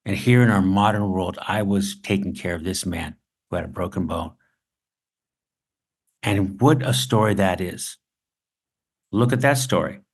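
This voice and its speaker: Gravelly man teaching storytelling. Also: lowish voice. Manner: anecdotal, with dramatic pauses. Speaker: writing instructor. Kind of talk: masterclass storytelling lesson.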